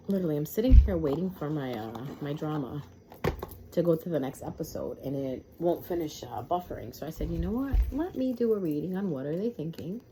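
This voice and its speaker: A woman in a casual, chatty tarot reading, talking straight to her viewers and getting excitable, recorded at home. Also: fairly low pitch, noisy background. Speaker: tarot reader.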